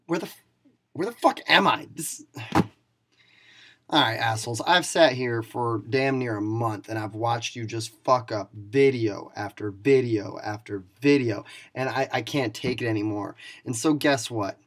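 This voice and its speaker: A man's voice: mid-range voice, unhurried. A young man in a profane, mock-angry comedic rant to camera, playing a league commissioner who insults his fellow video makers with sarcasm.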